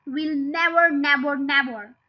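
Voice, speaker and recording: A woman's voice: sits high, steady tone, a little slow, highs cut off, background noise. A woman voicing a grumpy, cursing fat farmer in a storybook reading. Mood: grumbling angry. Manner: cursing, grumbling.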